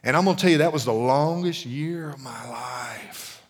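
A man's voice: medium pitch, normal speed, slightly rough. A middle-aged man preaching a sermon in a conversational way, often asking the congregation questions. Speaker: pastor.

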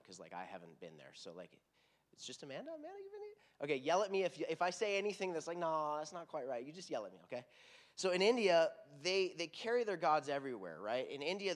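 A middle-aged worship pastor with a Texan accent preaches to his congregation, his voice sitting a little high for a man. He talks to the room in a loose, conversational way and tells his stories earnestly, with plenty of animation. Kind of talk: sermon.

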